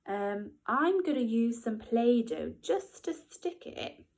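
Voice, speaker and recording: A woman, a nursery teacher, reading a storybook to young children expressively, with gasps and hushed whispers. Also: fairly high pitch, big pitch swings, slow, rough recording.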